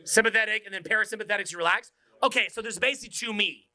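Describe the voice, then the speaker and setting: A man giving a live seminar talk in a room without speakers, energetic, joking and profane. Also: high voice, very fast. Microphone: unamplified room talk.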